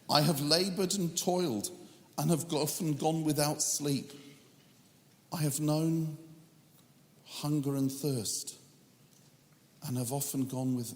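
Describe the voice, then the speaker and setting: A male preacher reading scripture in a slow, measured way, breaking in with humorous asides. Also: on the high side. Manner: reads scripture in a measured, drawn-out cadence. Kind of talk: sermon. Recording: echoey hall with long reverb.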